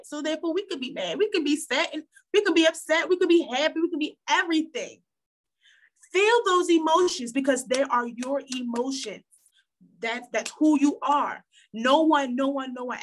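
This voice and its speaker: A young woman giving an earnest motivational talk with a preachy tone, repeating phrases for emphasis. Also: high voice. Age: young adult. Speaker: guest speaker.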